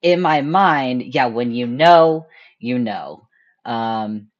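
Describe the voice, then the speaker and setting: A young woman hosting a charity stream, telling a story in casual chat, animated and laughing often as she acts out her own thoughts. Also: extremely low pitch, slow, lo-fi sound.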